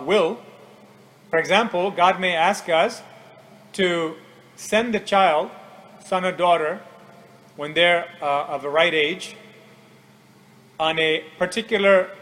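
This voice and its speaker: A man preaching a radio sermon in an earnest, measured way, often quoting scripture. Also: sits high, fairly bright tone, poor audio.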